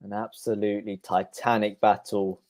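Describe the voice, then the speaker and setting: A man's voice: on the low side, flat delivery, normal speed, darkish tone. A man giving live play-by-play of a tennis match on a stream, calling each shot in turn and answering chat comments between points.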